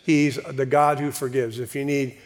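A man's voice: mid-range voice, flat delivery. Man preaching in a reverberant hall. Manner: slow, deliberate scripture reading with measured pauses. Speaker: pastor. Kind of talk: sermon.

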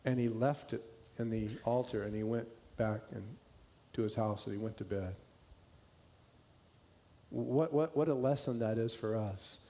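A male pastor preaching a sermon, stressing key words slowly and dropping at times to a hushed tone. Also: medium pitch.

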